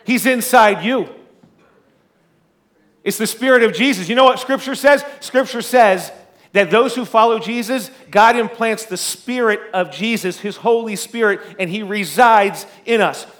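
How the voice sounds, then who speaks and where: High-voiced male pastor preaching. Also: a little slow. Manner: storytelling, animated and conversational; loud speaking voice. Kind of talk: sermon.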